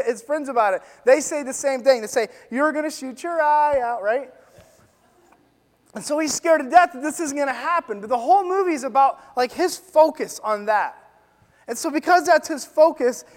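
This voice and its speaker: High-voiced male pastor in a reverberant hall. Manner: animated storytelling with swings from loud to hushed. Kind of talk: sermon. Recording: long reverb of a large hall.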